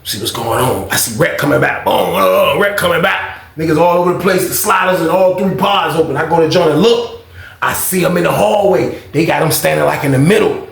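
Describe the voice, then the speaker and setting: A man with a gravelly, fry-heavy voice that sits a bit high, telling his story in an animated, profane way. He acts out every part of the conversation himself. The sound rings in an echoey room. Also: fairly quick. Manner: animated, profane, acts out both sides of dialogue. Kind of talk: casual storytime vlog.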